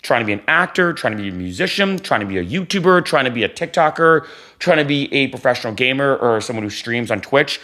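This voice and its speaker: A man's voice: medium pitch, expressive, fast talker, pushed and bright. A man in his thirties talking to camera in a casual, earnest way, giving life advice and repeating phrases for emphasis. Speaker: vlogger.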